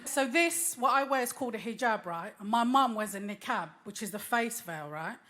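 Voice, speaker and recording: A woman's voice: fairly high pitch, lively intonation, moderate pace. Cheeky London woman doing stand-up. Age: 30s. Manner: cheeky, slangy, teasing the crowd. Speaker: stand-up comedian. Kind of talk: stand-up comedy set. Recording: loud crowd and noise, live club. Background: laughing audience.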